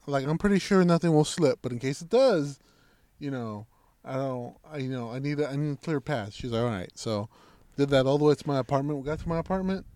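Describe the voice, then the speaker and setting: Profane, animated man telling a story. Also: fairly high pitch, no room sound. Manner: profane, animated, acts out quoted arguments. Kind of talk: casual storytelling chat.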